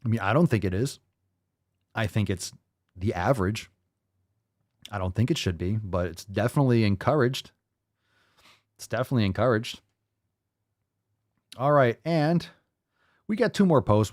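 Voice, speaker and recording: A man's voice: on the low side, lively intonation, moderate pace, long pauses, darkish tone, no echo, clean studio sound. A man hosting a show, ranting in profane, sarcastic commentary and mocking the people he quotes. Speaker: host.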